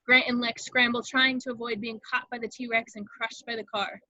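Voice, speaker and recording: Bright-voiced woman reading stage directions. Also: fairly high pitch, flat delivery, normal speed, no room sound, dull audio. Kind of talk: table read narration.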